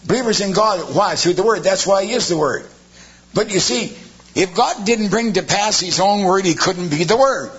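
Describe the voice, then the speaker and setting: Husky-voiced man preaching a sermon. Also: high-pitched, animated, moderate pace, fairly bright tone. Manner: preaching with rhetorical questions, sarcastic asides. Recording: dull lo-fi sermon recording.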